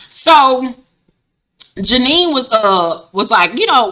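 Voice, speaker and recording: A woman in her forties recapping a TV episode casually, animated and profane, acting out the characters' lines. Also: on the high side, slow pace, long pauses. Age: 40s. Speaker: recap host.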